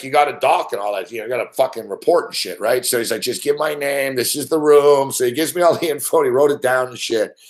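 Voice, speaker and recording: A man's voice: mid-range voice, vocal fry. A man hosting a show, telling a long story in a rambling, profane way with frequent laughs and heavy swearing. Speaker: show host.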